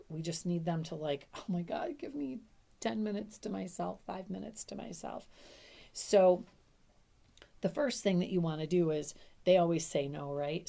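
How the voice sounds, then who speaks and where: Low-pitched, middle-aged woman, a caregiving coach: chatty and emphatic, leans on repetition, casual advice to camera. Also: dark tone. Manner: chatty, emphatic, repeats key points. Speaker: dementia care coach.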